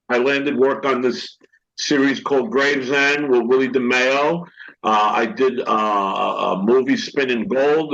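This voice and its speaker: Heard on a dull lo-fi recording, this older actor guest rambles through anecdotes in an interview, voicing other people's lines and frequently starting over. His voice is mid-range, pushed and bright, with vocal fry.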